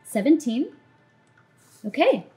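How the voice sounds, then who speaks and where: A woman narrating a tabletop game as dungeon master, in descriptive, sometimes halting narration. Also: high-pitched, sing-song, darkish tone, soft background music.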